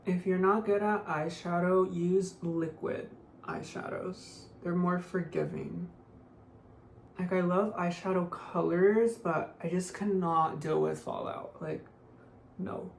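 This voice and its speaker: A woman's voice: fairly low pitch, steady tone, takes it slowly, gravelly. A young woman chatting casually through a makeup tutorial, full of "like" fillers and offhand remarks. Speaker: beauty vlogger. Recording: echoey room, faint noise.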